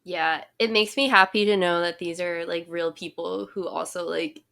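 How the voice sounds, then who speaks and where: A woman's voice: on the low side, fairly even intonation, normal speed, gravelly, sharp tone. Wry young woman co-hosting a podcast. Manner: laid-back, wry, lots of "like" fillers. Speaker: podcast co-host. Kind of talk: casual chat.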